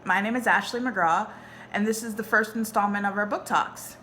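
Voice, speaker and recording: A woman's voice: medium pitch, moderate pace, pushed and bright, slight background noise. A woman hosting a book talk, speaking informally and enthusiastically with many fillers. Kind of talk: book talk with read-aloud.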